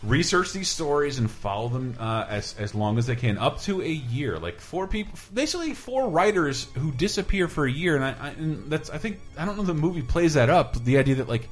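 A man's voice: a little high, sing-song, fairly quick, few pauses. A man hosting a podcast, chatting casually in a rambling, laughing, profane way. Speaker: podcast host. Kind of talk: casual chat.

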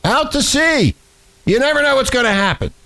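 A man's voice: extremely high pitch, very animated, normal speed, pushed and bright. A man co-hosting a talk show with a sore throat, reading news items in casual banter and often stumbling over and repeating words. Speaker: radio talk show co-host.

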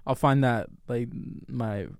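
A man's voice: medium pitch, takes it slowly, darkish tone, no room sound. Man, podcast co-host, casual chat, swears freely, jokes around, very dry close sound. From Mexico. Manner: loose, profane, joking.

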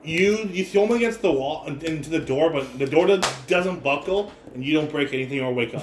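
A man's voice: a little high, lively intonation, brisk, music in the background. A man running a tabletop game as game master, narrating scenes with stammering restarts. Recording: roomy echo, light background noise.

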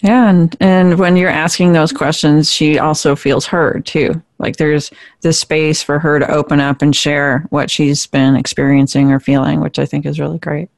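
An interview host who asks questions and keeps affirming the guest. The tone is supportive and engaged, set at a middle pitch. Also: little pitch movement, normal speed, creaky, hardly any pauses. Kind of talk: conversational interview.

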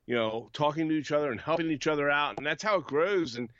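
A man's voice: fairly high pitch, fast talker, a bit bright, dry recording, lo-fi sound. A man co-hosting a casual podcast, rambling and telling stories. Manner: rambling storyteller, laughs often. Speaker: podcast co-host.

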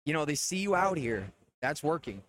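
A man's voice: fairly high pitch, big pitch swings, moderate pace, a bit bright, a little hiss or hum. Upbeat man streamer, hype-man energy. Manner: hype-man energy, keeps cheering others on. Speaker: guest streamer and father. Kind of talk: casual live-stream chat. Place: gaming convention floor.

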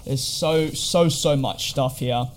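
A man's voice: mid-range voice, slow, a little hiss or hum. A man chatting casually in a vlog about hotel quarantine, rambling and wry with lots of fillers. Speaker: vlogger.

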